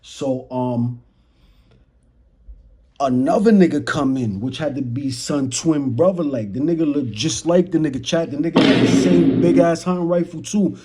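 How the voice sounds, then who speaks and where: A man's voice: fairly high pitch, moderate pace, husky. Slangy young man with a New York accent. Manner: slangy, talks to chat, animated retelling. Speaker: storyteller vlogger. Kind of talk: casual storytime. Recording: noisy background.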